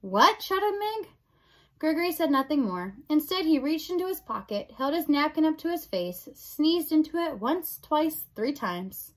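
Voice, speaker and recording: Expressive woman reading a storybook. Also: high-pitched, normal speed, few pauses, rough recording. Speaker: audiobook reader. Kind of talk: storybook narration.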